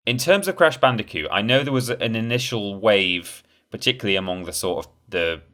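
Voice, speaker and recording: A Yorkshire-accented man co-hosting a casual gaming podcast. His voice is low yet bright and forceful, and his humour stays dry and deadpan, heavy with sarcasm. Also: brisk. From Yorkshire, England. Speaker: podcast co-host. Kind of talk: casual chat.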